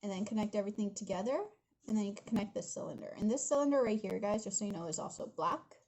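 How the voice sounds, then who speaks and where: A woman's voice: mid-range voice, fast, darkish tone, slight background noise, poor audio. A young woman talking viewers through a drawing tutorial from her home studio, chatty and giggly, calling them guys as she goes. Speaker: art instructor.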